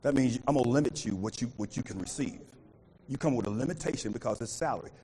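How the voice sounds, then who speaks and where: A man's voice: medium pitch, quick pace, slight background noise, low-quality recording. A man preaching a call-and-response sermon as pastor, repeatedly asking the congregation to finish his words. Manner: animated preaching, asks congregation to fill in words.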